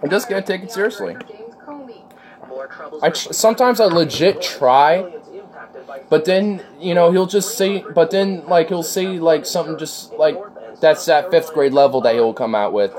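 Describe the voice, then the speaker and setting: A man's voice: fairly high pitch, moderate pace, crowd noise. A man chatting casually with viewers on a live stream, rambling, with many fillers and restarts. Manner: rambling, filler-heavy, laughs often.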